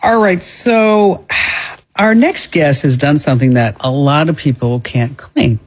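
A male host with a New Jersey accent, chatting casually and laughing easily with his guests. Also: a little high. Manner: animated, quick to laugh. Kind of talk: casual radio talk.

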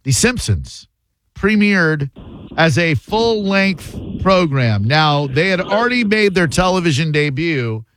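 A man hosting a radio call-in show, chatty and animated. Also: fairly high pitch, slow, a little hiss or hum. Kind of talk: casual radio talk with callers.

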